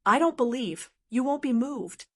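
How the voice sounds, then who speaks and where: A woman's voice: mid-range voice, lively intonation, normal speed, lightly acted. Woman doing a bitter manipulative dad, gritted teeth, audiobook villain. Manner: gritted-teeth, pleading then menacing. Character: scheming bitter middle-aged father, sinister. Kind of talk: audiobook character reading.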